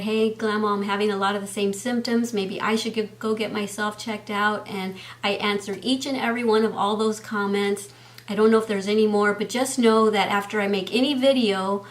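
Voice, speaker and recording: A woman, chatting heartfelt to camera at home with frequent "um" fillers. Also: medium pitch. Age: 50s. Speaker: beauty and health vlogger. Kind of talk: casual chat to camera.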